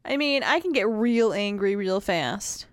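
A woman's voice: mid-range voice, lively intonation, a little slow, no echo, clean studio sound. A woman from the northern US, co-hosting a casual chat in a blunt, profanity-laced way. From northern US, Wisconsin. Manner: blunt, swears freely, laughs often. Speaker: podcast co-host.

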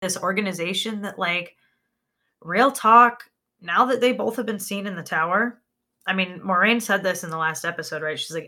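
A woman's voice: fairly low pitch, moderate pace, sharp tone. A woman co-hosting a podcast in casual chat, talking animatedly with lots of filler words. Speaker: podcast co-host.

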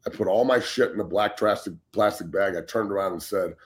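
With a fairly low voice and a slightly quick pace, this former football player in his forties rants bluntly on a casual sports talk show. He's heated and heavily profane, frequently restarting and repeating words as sentences begin.

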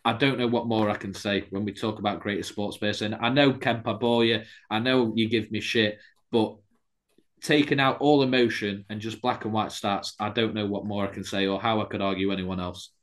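Man, podcast host, lower voice, chatty stat-heavy rambler. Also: steady tone, fairly quick. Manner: rambling, fond of stats, restarts often. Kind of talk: casual sports podcast chat.

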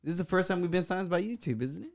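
A man's voice: sits high, expressive, rapid-fire, a crowd in the background. A man co-hosting a podcast, joking and swearing in casual banter. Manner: laughing, profane banter. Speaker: podcast co-host.

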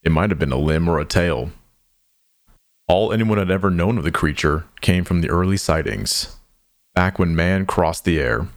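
Deep-voiced man narrating a somber tale. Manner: measured, somber storytelling. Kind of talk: scripted drama narration.

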